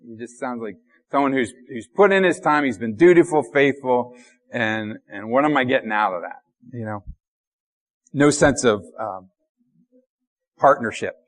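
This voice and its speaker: Halting, conversational middle-aged male pastor. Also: medium pitch. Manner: conversational, halting, with fillers and repeated words. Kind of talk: sermon.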